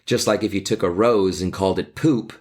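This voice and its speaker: A man hosting a podcast walks through a classic play in a loose, chatty way. His voice sits a bit low for a man, and he keeps the tone playful, tossing in jokes as he explains. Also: a little fast, a little mellow. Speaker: podcast host and teacher. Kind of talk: casual commentary on a play.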